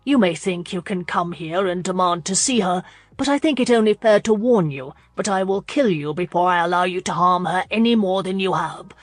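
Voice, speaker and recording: A woman narrator voicing a stern, protective young gentleman who speaks firmly and with emphasis. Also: fairly low pitch, moderate pace, no room sound, faint music behind, lightly acted. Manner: firm, emphatic.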